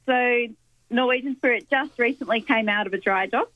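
A woman's voice: fairly high pitch, normal speed, no room sound. Upbeat woman over a dull lo-fi line. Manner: upbeat, promotional. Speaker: cruise line representative. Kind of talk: radio interview.

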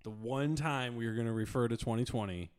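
A man's voice: mid-range voice, a little fast, clear, resonant tone. A man co-hosting a podcast in casual chat, laughing often and cutting in on his co-host.

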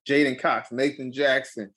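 A young adult man, a pro fighter, telling a story in a casual interview, animated and emphatic, repeating phrases for effect. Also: mid-range voice, normal speed, husky.

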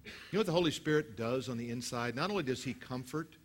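A male pastor preaching a sermon to his church. He swings between loud, emphatic passages and low, hushed prayer, and leads the congregation in saying prayers aloud. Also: fast, slight background noise.

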